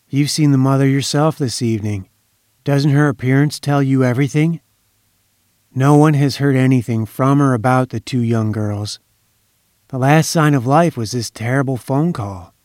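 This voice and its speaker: A man reading aloud plays a grave, weary older gentleman who speaks quietly and mutters as he tells a sad story. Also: mid-range voice, moderate pace, dry recording, clean studio sound, lightly acted. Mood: somber.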